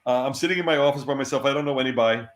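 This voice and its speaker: Animated storytelling man, roomy echo. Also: medium pitch, very fast. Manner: animated anecdotes, laughs often. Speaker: interview guest. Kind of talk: storytelling in an interview.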